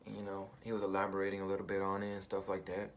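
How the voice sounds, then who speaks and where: Deep-voiced man rambling in slang. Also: monotone, rapid-fire, slight background noise. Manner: rambling slangy talk with many fillers. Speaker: vlogger. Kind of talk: casual personal story.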